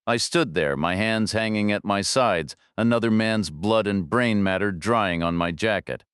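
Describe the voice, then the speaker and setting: A man narrates a first-person thriller audiobook in a measured, low-key, dry manner. His voice sits low and sounds smooth and resonant. The recording is close and dry. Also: a bit bright, no echo.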